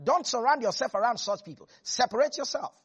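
A preacher delivering a lively sermon to a congregation, laughing often and acting out Bible characters in different voices. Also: medium pitch, fairly quick, breathy edge. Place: church with a congregation.

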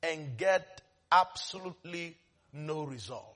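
A man preaching a sermon dramatically, swinging between quiet asides and sudden shouts with laughter. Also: fairly high pitch, animated, slow.

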